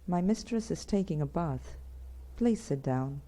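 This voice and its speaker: A woman voicing a humble middle-aged male servant in an audiobook, answering slowly and deferentially. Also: lowish voice, expressive, mellow.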